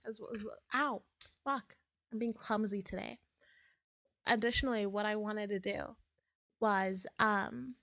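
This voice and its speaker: A woman's voice: mid-range voice, a bit bright, no room sound, clean studio sound. A young woman chatting casually on a livestream, rambling, joking at her own expense and laughing often. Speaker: streamer.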